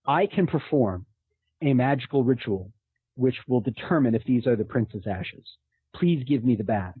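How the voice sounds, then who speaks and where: A man voicing a smooth, overconfident young man posing as an occult expert, speaking slowly with calm assurance. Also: medium pitch, dry recording, voice pushed down. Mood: solemn. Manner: calm, assured and slow-spoken. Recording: tinny phone-like line.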